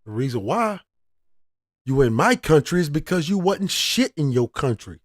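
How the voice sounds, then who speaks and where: A man's voice: on the high side, very animated, normal speed, no echo, clean studio sound. A man giving casual reaction commentary as a channel host, heated and profane, often restarting his sentences.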